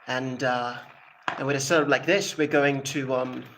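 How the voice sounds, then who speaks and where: A man's voice: medium pitch, fairly even intonation, moderate pace, a bit bright, slight background noise, poor audio. A man casually demonstrating a homemade generator, rambling with many fillers and restarts.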